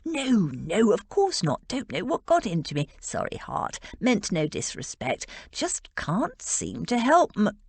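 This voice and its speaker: A woman reading a teasing young gentleman, the best man, with a flippant, bantering manner in an audiobook. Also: medium pitch, huge pitch swings, measured pace, gravelly, hardly any pauses, slightly rough, dry recording, exaggerated voice. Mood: apologetic.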